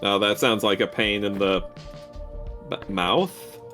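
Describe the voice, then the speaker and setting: Laid-back, slow-talking male co-streamer. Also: on the low side, sharp tone, soft background music. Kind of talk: casual game-stream banter.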